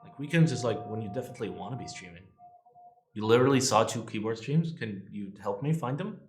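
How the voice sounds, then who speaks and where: A man's voice: fairly low pitch, animated, quick pace, a little hiss or hum. Hungover male streamer in an echoey room. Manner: profane, loose, chatty. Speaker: livestream host. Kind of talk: casual livestream chat. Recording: roomy echo.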